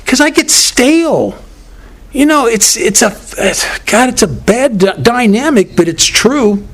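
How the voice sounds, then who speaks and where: A man speaking at a recovery workshop, talking in an earnest, storytelling way that often breaks off and restarts. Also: sits high. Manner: storytelling, self-interrupting, earnest.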